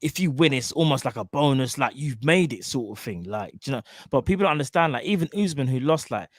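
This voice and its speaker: A man's voice: medium pitch, expressive, fast talker, no room sound, clean studio sound. A man co-hosting a fan talk show, bantering in an emphatic, slang-heavy way. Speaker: co-host. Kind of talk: casual chat.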